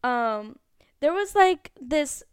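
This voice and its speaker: A woman's voice: sits high, lively intonation, takes it slowly, no echo, clean studio sound. A young woman co-hosting a podcast in casual chat, bubbly and exclamatory, teasing her co-host.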